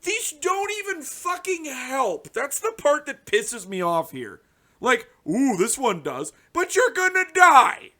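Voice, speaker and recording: A young man giving casual, profane reaction commentary on a card game release, ranting in exasperation with sudden loud outbursts. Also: very high-pitched, wildly swooping pitch, slow pace. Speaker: card game content creator.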